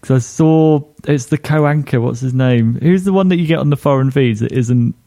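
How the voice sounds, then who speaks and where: Man, mellow voice, casual podcast chat, wry ribbing remarks. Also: medium pitch, normal speed, no echo, studio quality. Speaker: podcast regular.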